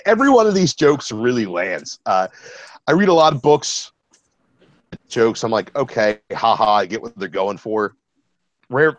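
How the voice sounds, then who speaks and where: Lowish baltimore guy w faint accent gushing about comics, lots of uhs, dry muffled mic. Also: no echo. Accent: mild Baltimore. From Baltimore, USA. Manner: enthusiastic, frequent "uh" fillers. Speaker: podcast co-host. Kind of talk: casual chat reviewing comics. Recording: dull lo-fi dry audio.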